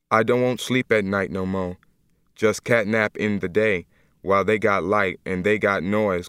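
A man reading an audiobook as a humble, gentle young man in jail, speaking slowly and earnestly in plain dialect. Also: on the low side, smooth, no room sound, studio quality, close to an everyday voice. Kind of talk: audiobook first-person reading.

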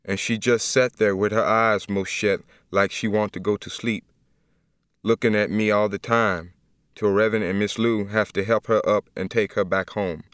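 A man reading an audiobook as a humble, gentle young man in jail, speaking slowly and earnestly in plain dialect. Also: on the low side, fairly even intonation, smooth, dry recording, clean studio sound, natural voice. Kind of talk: audiobook first-person reading.

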